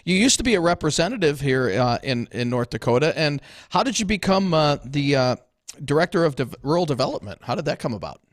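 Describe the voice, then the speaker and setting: A man's voice: fairly high pitch, big pitch swings, quick pace. A man hosting a radio talk show, chatty with frequent fillers, interviewing a guest. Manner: chatty, laughs easily, hesitant fillers. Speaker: radio host, meteorologist. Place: radio studio.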